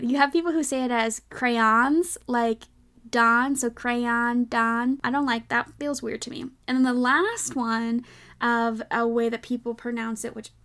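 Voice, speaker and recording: A woman's voice: fairly high pitch, vocal fry. A woman hosting a casual podcast, a reading teacher talking in a chatty, playfully opinionated way full of fillers. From United States. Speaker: podcast host.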